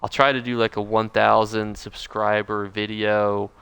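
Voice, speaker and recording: A man's voice: on the low side, level tone, a little slow, creaky, a bit bright, clear, resonant tone, no room sound. A man hosting his own gaming channel, talking through a game money guide in a chatty, upbeat, rambling way. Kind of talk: casual game guide commentary.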